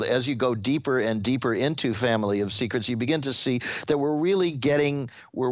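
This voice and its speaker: A man, an author and guest on a podcast, answering questions at length in a halting way with many fillers and restarts. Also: mid-range voice, no echo.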